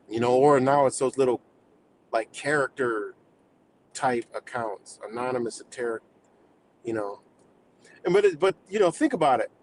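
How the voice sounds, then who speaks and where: A man's voice: mid-range voice, expressive, unhurried, pauses often, slight background noise, rough recording. A man ranting on a live stream in a rambling, profane, heated way, talking to his chat viewers.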